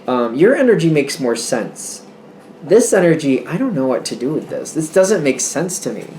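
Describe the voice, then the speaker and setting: A man giving a casual tarot reading, rambling and interrupting himself with animated asides. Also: on the high side, moderate pace, roomy sound, a little hiss or hum. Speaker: tarot reader.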